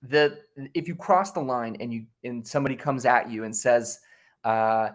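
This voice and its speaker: A man speaking as a guest on a live stream, an improv performer talking in a relaxed, chatty way. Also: mid-range voice, normal speed. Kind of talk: casual conversation.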